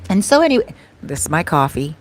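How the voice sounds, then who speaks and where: Chatty woman vlogger, lowish voice. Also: very animated, fairly quick, a little hiss or hum. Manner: chatty, often asks "right?" and says "like". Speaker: vlogger telling a story. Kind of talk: casual storytime chat.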